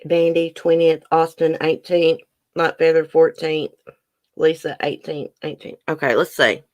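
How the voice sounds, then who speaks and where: A chatty livestream host reads trivia questions aloud and responds to viewers' guesses, now and then talking while chewing a brownie. His middling, darkish voice stays level and unhurried. The sound is dry and close, with no echo or room around it.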